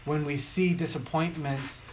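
A middle-aged man preaching a sermon, telling stories and acting out quotes with lively shifts. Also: on the high side, a little slow, noisy background. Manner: animated storytelling, acting out quotes.

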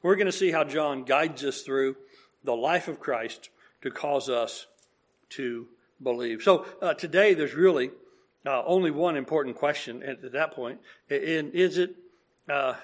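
A man delivering a sermon in a relaxed, conversational voice that sits a little high for a man. He acts out bits of dialogue and restarts his sentences often, pausing with fillers. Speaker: preacher.

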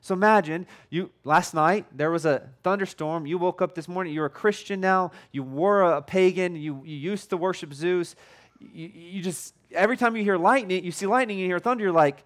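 A man preaching in a relaxed, chatty way, stumbling over restarts and doubling his words as he works through a point. His voice sits a bit higher than most men's. His tone can sound loud, even angry, when he isn't. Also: normal speed. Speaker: pastor. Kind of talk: conversational sermon.

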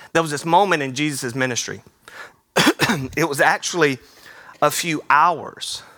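Man, energetic sermon, bright forceful voice, dry sound. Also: fairly high pitch, no room sound. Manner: energetic, playful, acts out quick voices. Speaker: pastor. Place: theater.

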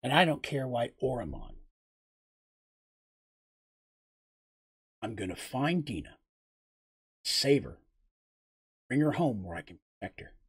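A man's voice: mid-range voice, animated, moderate pace, slightly rough. A man voicing an intense young warrior who talks bluntly and protectively. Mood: menacing. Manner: blunt and forceful.

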